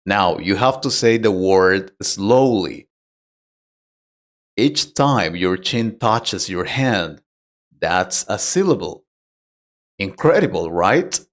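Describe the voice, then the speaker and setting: A man's voice: deep voice, animated, takes it slowly, long pauses. A man teaching a pronunciation lesson, explaining plainly and patiently and putting direct questions to the learner. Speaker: English teacher. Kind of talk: slow, deliberate English lesson.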